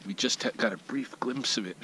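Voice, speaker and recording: A man's voice: medium pitch, a little fast, bright, forceful tone, low-quality recording. A man giving a casual weekly vlog update outdoors in his backyard, thinking aloud with plenty of fillers and restarts. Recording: outdoor ambient noise behind the voice.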